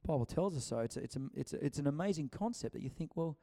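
This preacher talks very fast and animatedly, his slightly high voice gravelly and dark. He gives a chatty, conversational sermon, dramatizing quotes and repeatedly restarting his lines.

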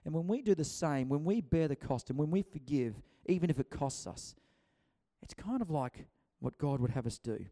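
Chatty preacher, mellow voice. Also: male voice, a little high, animated, normal speed. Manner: chatty, acts out quotes, many restarts. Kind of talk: conversational sermon.

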